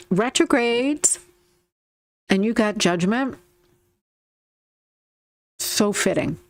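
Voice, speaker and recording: A woman's voice: medium pitch, no echo. A woman giving a casual tarot reading, chatty and repetitive, acting out little quotes as she talks. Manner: chatty, repeats herself, acts out quotes. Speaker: tarot reader.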